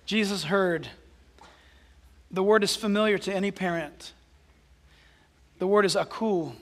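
A male pastor preaching a sermon, animated, dropping to hushed asides and rising to loud exclamations. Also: high voice, measured pace, in a large hall.

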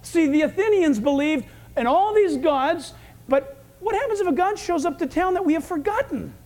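A man preaching a sermon, animated, acting out the scenes he tells. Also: very high voice, normal speed. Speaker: pastor.

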